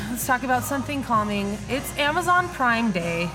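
A woman's voice: fairly high pitch, sing-song, normal speed, poor audio. A woman co-hosting a casual podcast from a bar, playful and teasing, often laughing. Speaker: podcast co-host. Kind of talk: casual chat. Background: music.

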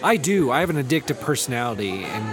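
A man in casual chat, speaking in a relaxed, reflective way. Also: mid-range voice, quick pace, music in the background.

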